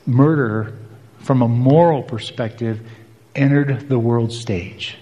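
A man's voice: mid-range voice, slow pace, dark tone, big-room sound, dull audio. A man preaching a sermon, telling a personal story and acting out both sides of a conversation.

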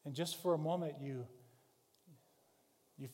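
A man's voice: fairly high pitch, a little slow. Man preaching in a reverberant hall. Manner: vivid second-person storytelling, shifting from shouts to hushed tones. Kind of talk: sermon.

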